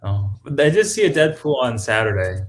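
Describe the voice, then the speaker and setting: A man's voice: medium pitch, big pitch swings, moderate pace. A man speaking as a guest on a podcast in casual, chatty talk full of fillers. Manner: chatty, laughs often, many fillers. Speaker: guest cosplayer.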